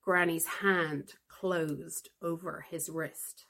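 A woman hosting a podcast reads a fantasy novel aloud for English learners, telling the story expressively. Her voice is low and creaky, and she draws out her words.

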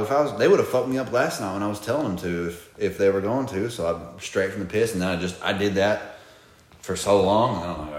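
A low-pitched man chatting loosely and swearing freely as he tells stories. His voice sits fairly deep and bounces around an echoey room. He speaks laid-back and unhurried. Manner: laid-back, profane storytelling with laughing outbursts. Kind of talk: casual chat.

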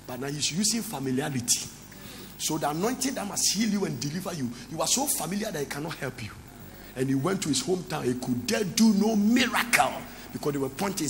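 A high, gravelly man's voice preaches a sermon in a church hall. He breaks into song and local words as he drives his point home. The sound rings with long reverb, and a faint room hum sits behind it. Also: lively intonation, fast talker. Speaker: pastor. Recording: echoey hall with faint ambience.

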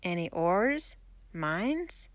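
A woman voicing an irritable, wealthy male traveler who speaks in a sharp, edged, scornful way. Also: on the low side, sing-song, drawn-out words, no room sound, full character voice. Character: contemptuous rich eastern traveler, irritable man.

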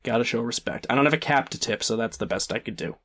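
A man's voice: medium pitch, quick pace, a bit bright. A young man co-hosting a casual sports podcast, joking and laughing at his own lines. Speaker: podcast co-host.

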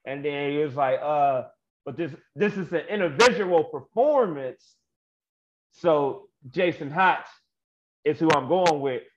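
Animated wrestler telling a slangy story. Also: male voice, a little high, measured pace, highs cut off. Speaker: guest wrestler. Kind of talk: casual storytelling interview.

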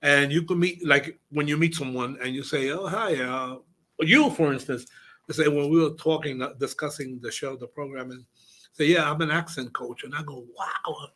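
Older guy hosting radio, husky and bright, lots of uhs and restarts. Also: a little high, moderate pace. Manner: hesitant, many fillers and restarts, chatty. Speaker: radio host. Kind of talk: casual radio interview.

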